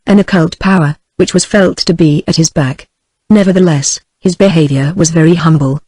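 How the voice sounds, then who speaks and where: A woman's voice: fairly low pitch, warm tone, slightly rough, dry recording. Synthetic British woman reading a novel. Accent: British English. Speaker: audiobook narrator. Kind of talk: synthetic audiobook narration.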